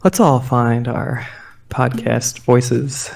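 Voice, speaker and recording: A man co-hosting a casual podcast, teasing his friends with quick wisecracks. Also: medium pitch, little pitch movement, gravelly, darkish tone. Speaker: podcast co-host.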